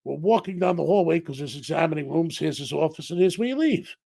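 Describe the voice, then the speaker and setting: A middle-aged man, a podcast guest, telling a story in an animated way and acting out the dialogue. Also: fairly high pitch, fast talker, creaky, a little hiss or hum.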